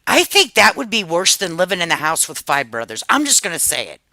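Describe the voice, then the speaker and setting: A woman in her fifties hosts a casual livestream chat and tells family stories with frequent swearing and easy laughter. Her voice is bright, and her pitch swings widely as she talks. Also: sing-song, a little fast, no room sound, rough recording. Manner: profane, laughing storyteller. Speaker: livestream host.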